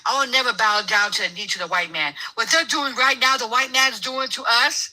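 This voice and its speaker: An older woman in a heated argument, shouting and cursing. Her voice sits high and cuts through sharply, with a bright, piercing edge. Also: brisk, poor audio. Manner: profane, shouting, combative.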